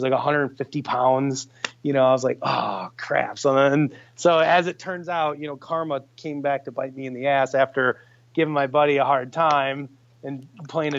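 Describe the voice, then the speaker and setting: A man casually telling a hunting story on a podcast, animated and swearing freely as he acts out his friends' lines. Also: medium pitch, muffled recording. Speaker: guest hunter telling a story.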